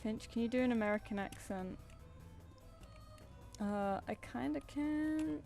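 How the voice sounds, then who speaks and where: A woman's voice: fairly high pitch, measured pace, creaky, dark tone, soft background music. A woman with a Southern English accent chatting casually while she draws on a stream, rambling and restarting her sentences. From England. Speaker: streamer and artist. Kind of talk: casual chat while drawing. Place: home flat with a cat.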